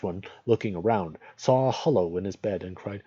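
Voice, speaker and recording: Man reading a fairy tale, low husky voice, dull lo-fi mic. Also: moderate pace, dark tone, no echo. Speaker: host reading aloud.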